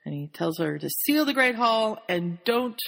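A woman's voice: on the high side, sing-song, moderate pace, creaky, fairly bright tone. A woman host in casual chat, animatedly recapping a story, laughing often and slipping into quoted voices. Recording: long hall reverb.

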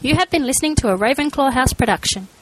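A woman's voice: high voice, animated, fast, slight background noise, low-quality recording. A woman reading the closing credits of an amateur audio play in a matter-of-fact way. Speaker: credits announcer.

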